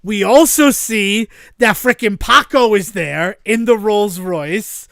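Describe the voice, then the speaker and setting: High-voiced man recapping a movie. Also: takes it slowly, creaky, dry recording, clean studio sound. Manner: animated retelling, swears, acts out quotes, laughs. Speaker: podcast host. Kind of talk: casual movie recap chat.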